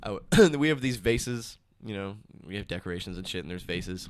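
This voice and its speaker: A young man co-hosting a casual podcast chat, telling animated stories and swearing freely. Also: low-pitched, fairly quick, clear, resonant tone. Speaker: podcast co-host.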